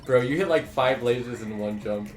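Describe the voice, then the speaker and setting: A man's voice: medium pitch, normal speed. A young man streaming a video game, rambling through stories in casual chat and swearing now and then. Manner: rambling storyteller, swears, laughs often. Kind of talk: casual chat while gaming. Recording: echoey room with game music.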